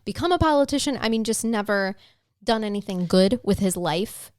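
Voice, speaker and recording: A woman's voice: medium pitch, animated, normal speed, smooth, dry recording, studio quality. Woman co-hosting a true-crime podcast. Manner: conversational storyteller, emotional, swears casually. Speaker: podcast co-host.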